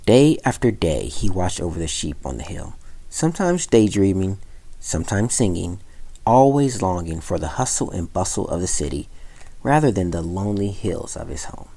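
Gravelly low-voiced man reading a story. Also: moderate pace. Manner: lively storyteller with sound-effect voices. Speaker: community center director. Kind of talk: storybook read-aloud.

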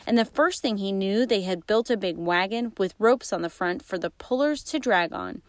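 A woman reading a rhyming picture book aloud in a lively storyteller manner. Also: medium pitch, normal speed, hardly any pauses, no echo. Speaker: insurance agent reading aloud.

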